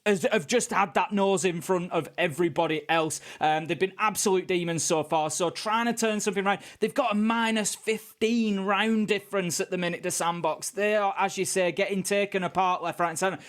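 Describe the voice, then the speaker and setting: High-voiced esports analyst, a man. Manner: fluent, chatty analysis with fillers. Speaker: esports caster. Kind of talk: esports pre-match analysis.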